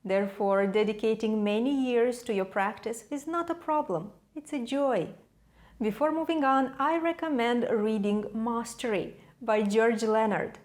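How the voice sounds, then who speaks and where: A woman teaching piano in a scripted video lesson, speaking in a measured, emphatic way with dramatic pauses. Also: on the high side, a little mellow.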